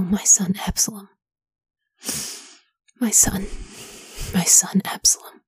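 A woman's voice: mid-range voice, dark tone, husky, no echo, clean studio sound, lightly acted. A woman reading as a grieving old king, whispered role-play. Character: grieving old king, father mourning his son.

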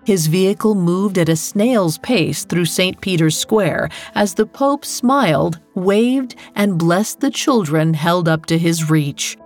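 A woman hosting a podcast, giving scripted true crime narration in a measured, dramatic way. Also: lowish voice, a little mellow, faint music behind. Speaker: podcast host.

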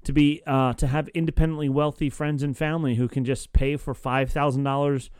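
A man's voice: medium pitch, flat delivery, a little fast, darkish tone, smooth, no echo. A man co-hosting a casual podcast, chatty and playful as he brings up news items. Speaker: podcast co-host. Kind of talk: casual chat.

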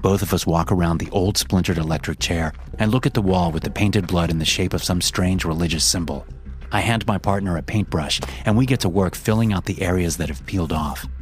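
Very deep-voiced man narrating horror. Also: faint music behind. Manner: tense, measured first-person narration.

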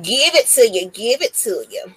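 Excitable woman hosting a sports show. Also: fairly high pitch, normal speed, a crowd in the background. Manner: excitable, hypes the audience. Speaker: host. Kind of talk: casual sports talk.

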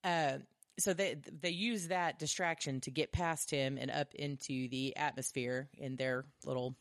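Woman with a real low voice, co-hosting, animated and sweary, super dry mic. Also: unhurried, no room sound. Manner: animated, swears freely, retells scenes. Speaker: podcast co-host. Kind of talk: casual movie review chat.

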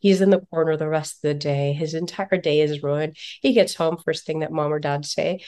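Woman, forties, gravelly lowish voice, lively storyteller, acts out quotes, podcast chat. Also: fairly quick, hardly any pauses. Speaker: parenting guest. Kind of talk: casual podcast conversation.

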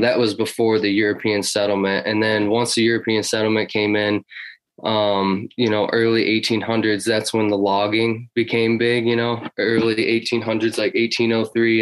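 A man's voice: lowish voice, poor audio. A man talking casually about hunting history in an interview, rambling with many fillers and restarts. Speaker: hunting guest.

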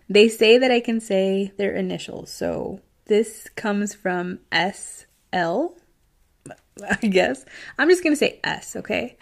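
A woman hosting a podcast, reading listener stories in a casual, chatty way, often laughing and getting tearful. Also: medium pitch. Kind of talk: casual chat.

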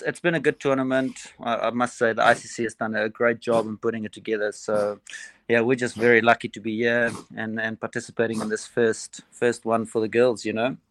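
South african coach guy on the line, lots of ums, pretty flat delivery. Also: mid-range voice, no echo. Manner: casual, many fillers. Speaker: assistant cricket coach, guest. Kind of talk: phone interview chat. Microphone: phone line.

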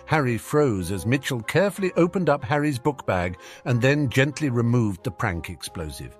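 A man narrating a fan fiction audiobook with an expressive reading. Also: medium pitch, normal speed, few pauses, soft background music.

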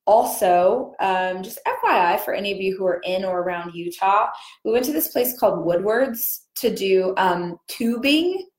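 A woman's voice: medium pitch, expressive, normal speed, echoey room. A young woman hosting a casual morning live stream, chatting through a cold sore with her lips barely opening. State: cold sore, speaking with a small mouth.

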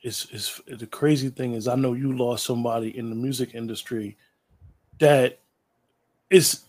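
A man interviewing a guest in a relaxed, slangy way, often repeating his words. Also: medium pitch, normal speed. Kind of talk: casual interview talk.

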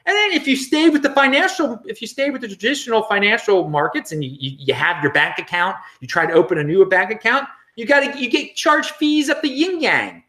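A man's voice: high voice, sing-song, normal speed, sharp tone, roomy sound. A man hosting a casual commentary show, joking and rambling, often repeating words. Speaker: host. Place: home studio in Los Angeles.

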